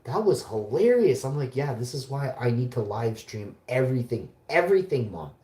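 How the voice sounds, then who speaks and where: Animated woman telling a story. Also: very deep voice, moderate pace, reverberant. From Winnipeg, Canada. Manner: animated, swearing, acts out quotes. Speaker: livestreamer. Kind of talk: casual storytelling livestream.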